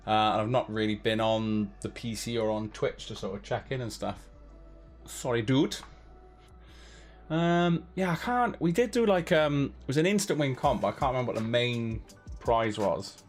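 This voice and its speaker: A man hosting a giveaway livestream, chatting casually to his viewers in a loose, rambling way full of fillers and restarts. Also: on the low side.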